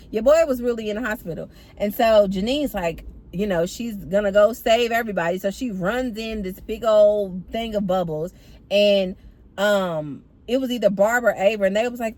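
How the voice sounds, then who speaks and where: A woman chatting animatedly to her viewers as she recaps a TV episode, apparently from a car. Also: medium pitch. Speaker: TV recap vlogger. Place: in or by a parked car.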